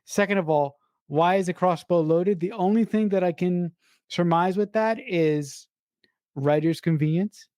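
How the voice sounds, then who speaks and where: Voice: medium pitch, unhurried, darkish tone, dry recording, studio quality. A podcast co-host talking about a film with emphatic enthusiasm and casual swearing. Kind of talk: casual film-review chat.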